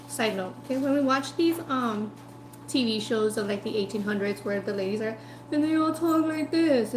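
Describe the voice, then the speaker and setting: A woman with a slightly high voice tells a story casually between bites of food. She talks in a chatty, animated way full of "like" and asides. The room has an echo and a faint hum. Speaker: food vlogger. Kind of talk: casual storytelling while eating.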